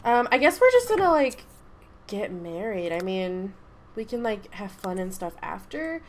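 A young woman casually commenting on her game, excitable and gushing with chatty asides. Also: medium pitch, a little slow, slight background noise. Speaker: gaming YouTuber. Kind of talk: casual let's-play commentary.

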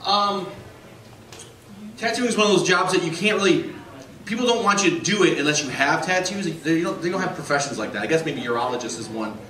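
A man doing a stand-up comedy set in a club, telling stories deadpan and acting out his customers. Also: a little high, a little fast, a crowd in the background. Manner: deadpan storytelling, voicing customers. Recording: roomy, distant, noisy club recording. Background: audience laughter.

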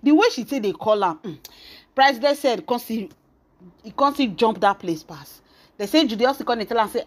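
Animated Nigerian woman gossip storyteller. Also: a little high, brisk. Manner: dramatic, exclamatory retelling that acts out quoted voices. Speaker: gossip channel host.

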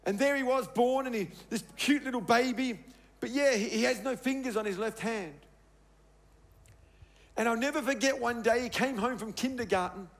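A middle-aged male pastor delivers a sermon in a strikingly high voice. He tells stories from his own life and leans on emphasis, dropping to a quiet, low tone on his key points. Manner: emphatic, storytelling, dropping soft on key words.

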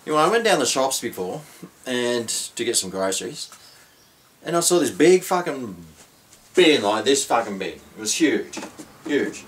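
A man's voice: mid-range voice, sing-song, moderate pace, slight background noise. Grumpy, swearing Australian man ranting. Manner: grumpy, profane, exasperated ranting. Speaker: vlogger. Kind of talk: comedic rant to camera.

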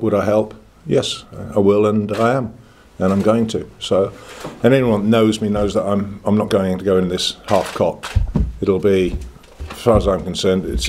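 Older northern English man at a press conference, blunt and plain-spoken, low-pitched, light background noise. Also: a little mellow. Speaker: cricket club chairman.

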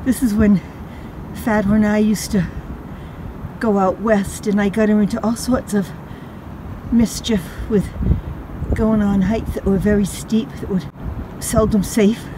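An older New England woman, a vlogger, narrates a casual walking vlog on an outdoor hiking trail in a mid-range, flat voice at a measured pace against a noisy background. Chatty and self-deprecating, she is a bit out of breath and talks to herself as she goes.

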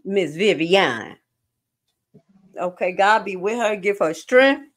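A woman nurse giving casual, animated commentary on clips as a stream host. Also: medium pitch, slow pace. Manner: animated, jumps to loud bursts.

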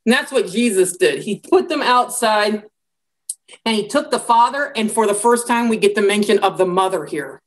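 A woman giving a conversational Bible lecture, telling the story in a lively way with casual asides. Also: medium pitch, moderate pace. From American Midwest.

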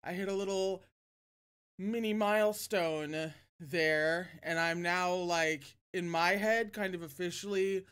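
A woman hosting a casual livestream, chatting warmly and self-deprecatingly between reading a novel aloud. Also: on the low side, fairly even intonation, slow pace, smooth.

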